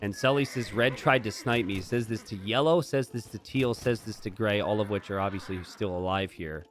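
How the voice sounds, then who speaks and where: A man casting a strategy game, chatty and jokey, bursting into excited shouts and laughter. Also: on the low side, normal speed, a little hiss or hum. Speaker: game caster. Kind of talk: live strategy game commentary.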